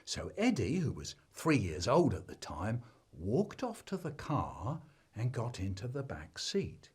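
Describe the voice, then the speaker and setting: Slow, husky storyteller. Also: male voice, mid-range voice. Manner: dramatic swings between deadpan and loud. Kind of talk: comic storytelling.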